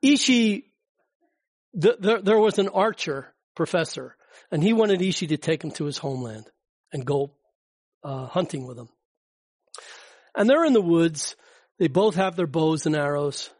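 Man, slightly high voice, dry sound, rambling casual lecture. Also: expressive, unhurried, long pauses, a little mellow, no echo. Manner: rambling, chatty, frequent fillers and restarts. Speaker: guest speaker. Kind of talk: informal public talk with slides.

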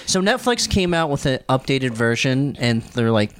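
Lively, blunt podcast co-host. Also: medium pitch, moderate pace. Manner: blunt, swears. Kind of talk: casual chat.

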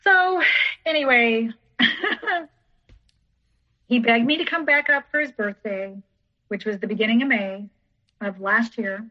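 Woman, podcast guest, recounts her past in a rambling, repetitive way; fairly high voice; muffled lo-fi recording. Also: measured pace, long pauses. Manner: rambling, repeats herself, acts out others' lines. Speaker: teacher. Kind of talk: personal storytelling in an interview. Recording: dull lo-fi recording.

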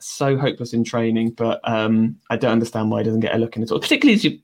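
A man on a casual football podcast, voicing opinions in an exasperated, animated way. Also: medium pitch, rapid-fire. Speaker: podcast panelist.

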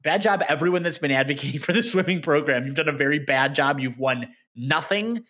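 A man's voice: a little high, brisk, pushed and bright. Sarcastic ranting male podcast co-host. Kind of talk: casual sports podcast chat.

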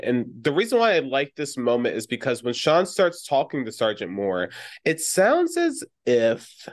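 A man co-hosting a casual podcast chat, recapping and acting out scenes with quick, lively quoting. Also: medium pitch. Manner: animated, acts out quotes in lively voices. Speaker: podcast co-host.

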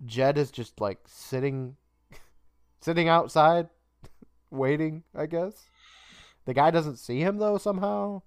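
A man's voice: on the high side, takes it slowly, pauses often, smooth, no room sound, studio quality. A man co-hosting a podcast, recapping a show casually, swearing freely and laughing often. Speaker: podcast co-host.

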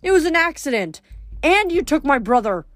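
A woman's voice: sits high, sing-song, moderate pace, no echo, voice pushed up. A woman voicing a fierce teenage girl who snaps with bitter emotion. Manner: snapping, emotional.

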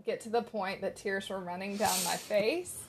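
A middle-aged woman co-hosts a relaxed podcast chat, thoughtful and soft-spoken, with many fillers. Her voice has a gravelly fry, and a faint hiss sits under the recording. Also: medium pitch, moderate pace. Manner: gentle and reflective, many fillers. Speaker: podcast co-host. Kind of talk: casual chat.

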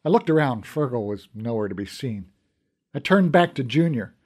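A man narrating a first-person adventure story in an animated, expressive way. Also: mid-range voice, moderate pace.

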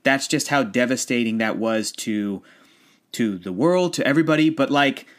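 A man in his thirties talking about movies in a casual chat, rambling and animated, often laughing. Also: mid-range voice, normal speed.

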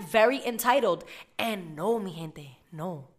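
A woman tells a story in casual chat and slips into the voices of everyone involved. Her delivery is loud, animated and profane, at an ordinary middle pitch. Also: a little slow, husky. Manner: animated, profane, acts out other people in her stories. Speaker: podcast co-host.

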